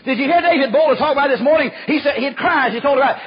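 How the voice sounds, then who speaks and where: A man preaching a folksy storytelling sermon, acting out the quoted voices and dropping to a hush at times. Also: extremely high pitch, racing, hardly any pauses, over a noisy crowd. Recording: muffled lo-fi recording.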